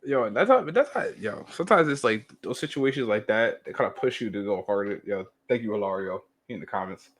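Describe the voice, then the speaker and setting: A man's voice: fairly low pitch, lively intonation, brisk, few pauses. A young man co-hosting a podcast, chatting loosely in slang and profanity, with lots of "yo" and "bro". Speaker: podcast co-host. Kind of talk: casual podcast chat.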